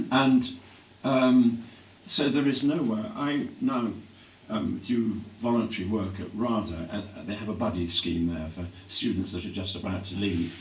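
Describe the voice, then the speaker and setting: An older English man reflecting on his acting career in a live on-stage interview, clearing his throat often as his voice grows hoarse. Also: lowish voice, fairly even intonation, a little slow, a little mellow, highs cut off. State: voice growing hoarse. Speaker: actor being interviewed. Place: hall at a public event. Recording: echoey hall from a distance, faint hum.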